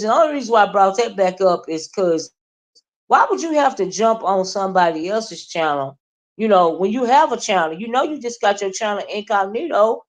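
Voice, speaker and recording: Woman, casual commentary, lively swooping pitch, chatty, meandering. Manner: chatty, meandering, with many fillers; loud mocking imitations, laughing. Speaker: commentary streamer.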